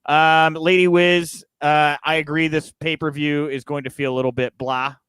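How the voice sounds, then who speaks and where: A man's voice: a little high, little pitch movement, moderate pace, a bit bright, clean tone, no room sound. A man hosting a live podcast, chatting casually and joking as he reads viewer comments. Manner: loose and joking, with frequent fillers. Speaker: podcast host.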